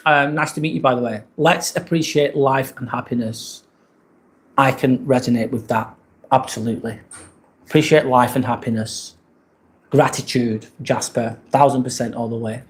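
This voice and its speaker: Relaxed British man live-streaming. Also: mid-range voice, normal speed. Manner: relaxed, rambling, thanks viewers often. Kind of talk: casual live-stream chat reading comments.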